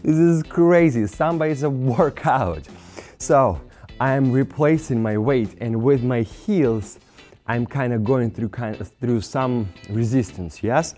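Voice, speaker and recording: A man's voice: mid-range voice, slow, a little mellow, faint music behind. Breathless man counting dance steps. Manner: counts beats aloud while dancing; non-native phrasing, drops articles. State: out of breath from dancing. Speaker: dance teacher. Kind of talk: dance tutorial instruction while demonstrating.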